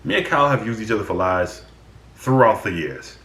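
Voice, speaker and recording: A man's voice: lowish voice, lively intonation, a little fast, sharp tone, roomy sound. A man casually telling stories about his friends on his vlog. He sounds exasperated and swears freely. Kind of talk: casual storytelling.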